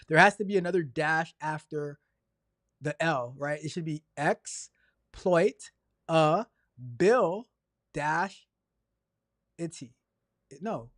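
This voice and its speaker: A man hosting a casual livestream, chatty and energetic, rambling along and stumbling over repeated words. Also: high voice, no room sound, studio quality. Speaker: livestream host.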